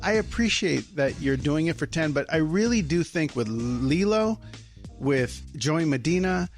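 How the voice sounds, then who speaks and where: A man's voice: a little high, measured pace, faint music behind. A man hosting a podcast in casual chat, teasing and giving advice. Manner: teasing, lively, gives advice. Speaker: podcast host.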